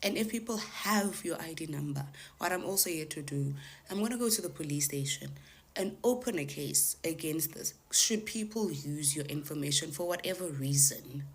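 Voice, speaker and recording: A woman with a low-pitched voice tells a story in a chatty vlog monologue. She retells it with animation, acting out what each caller said. Her delivery is loose and conversational. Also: moderate pace, slightly rough. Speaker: TikTok storyteller.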